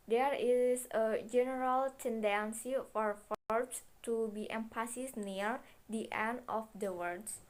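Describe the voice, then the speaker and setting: Slow, careful young woman reading a lesson. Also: a little high, rough recording. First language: Indonesian. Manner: slow, careful reading with repeated words and self-corrections. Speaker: student presenter. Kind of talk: reading a phonetics class presentation.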